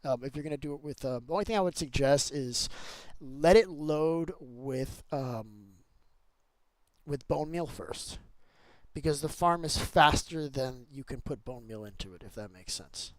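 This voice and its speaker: A man's voice: mid-range voice, lively intonation, a little slow, dry recording. A man streaming a building game, chatting casually with a friend and his viewers and easily getting sidetracked. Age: adult with kids. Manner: chatty, easily sidetracked, keeps greeting the chat. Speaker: Minecraft streamer. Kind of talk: casual livestream chat while gaming.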